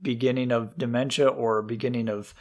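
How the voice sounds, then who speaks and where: A man with a mid-pitched voice, co-hosting a casual movie podcast. He often restarts his sentences and laughs a lot as he talks. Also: flat delivery, fairly quick. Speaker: podcast co-host. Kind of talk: casual chat.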